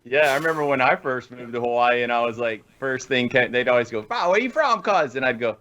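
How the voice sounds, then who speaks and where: A man's voice: medium pitch, steady tone, fast, a bit bright, smooth, highs cut off. A man from Florida telling chatty stories in a casual podcast chat. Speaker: podcast host.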